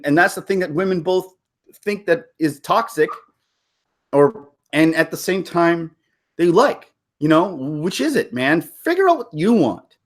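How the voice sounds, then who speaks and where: A man ranting sarcastically on a vlog, with animated delivery and laughing asides. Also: a little high. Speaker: vlogger. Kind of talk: opinion rant commentary.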